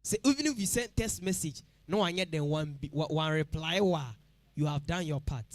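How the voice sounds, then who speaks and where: A Ghanaian-accented man preaching at a midweek church service, his voice pitched high for a man. He presses the congregation with direct questions and repeats his points for emphasis. The sound is close and dry, with no room echo. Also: moderate pace.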